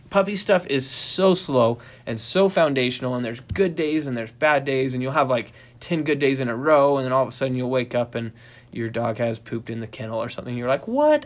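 A middle-aged man talks through dog training in a casual, animated way and keeps his voice in a middle pitch. He rambles and restarts his sentences with plenty of fillers. He tells stories as he teaches. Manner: animated storyteller, acts out quoted voices in a high pitch. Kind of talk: casual instructional talk.

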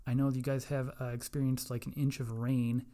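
A young man talks alone into his mic, hosting a loose podcast. His tone is mellow and relaxed, and he rambles and swears often, poking fun at himself and his listeners. His pitch sits in the middle. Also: moderate pace. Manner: profane, rambling, self-mocking. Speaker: podcast host. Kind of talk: casual solo podcast rant.

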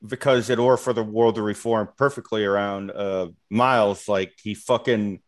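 A man in casual chat, talking haltingly with many fillers and casual swearing. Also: lowish voice, steady tone.

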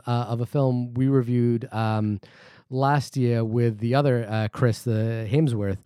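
Halting man co-hosting a podcast. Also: medium pitch, darkish tone, dry recording, clean studio sound. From New Zealand. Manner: halting, restarts sentences while searching for words. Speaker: podcast co-host. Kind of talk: casual chat. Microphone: studio microphone.

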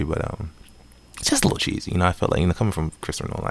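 A man's voice: sits low, quick pace, creaky, slightly rough. A man giving a casual, rambling spoken movie review with many fillers and restarts. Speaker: film reviewer.

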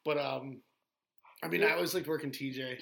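A man's voice: medium pitch, a little fast, creaky, fairly bright tone, a little hiss or hum. A man, a former pro wrestler, rambling through stories in casual podcast chat with lots of fillers and laughter.

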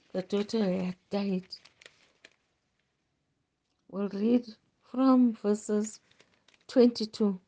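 A woman hosting a devotional, slowly reading Bible passages aloud with small stumbles. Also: on the high side, gravelly, mellow. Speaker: devotional host. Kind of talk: slow scripture reading.

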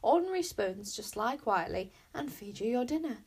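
Woman reading as a fussy young boy bodyguard, indignant, lecturing, raised voice with gravelly edges, storybook. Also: a little high, lively intonation, moderate pace. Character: rule-bound earnest boy bodyguard. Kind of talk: storybook read-aloud.

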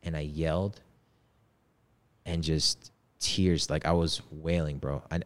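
A man's voice: very deep voice, fairly even intonation, slow. A man in his twenties telling a personal story in casual, slangy talk. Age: 20s. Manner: laid-back slangy talk. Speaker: podcast guest.

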